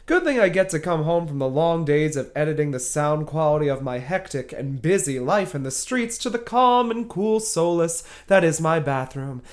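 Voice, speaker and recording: A man's voice: fairly high pitch, lively intonation, moderate pace, few pauses. A man, a podcast host, acting in a comedy sketch with a melodramatic, self-mocking delivery.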